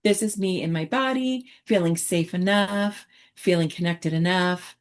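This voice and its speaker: A woman therapist explaining her approach in a relaxed online teaching chat, talking reflectively with many fillers and restarts. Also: on the low side, measured pace. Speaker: therapist presenter.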